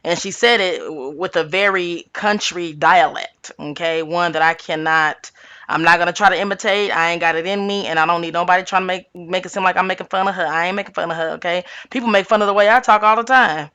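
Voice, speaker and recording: A woman who hosts her own tarot channel delivers a casual monologue recapping reality-TV gossip, sassy, chatty and informal, saying "okay" over and over. Her voice is on the low side yet bright, forceful and clean, and she speaks a little fast.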